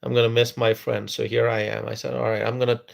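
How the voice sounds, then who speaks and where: Man, live stream host, soft and slow delivery, tired gravelly voice, mid pitch. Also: little pitch movement. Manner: talking softly and slowly to rest his voice. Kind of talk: casual live stream chat with viewers.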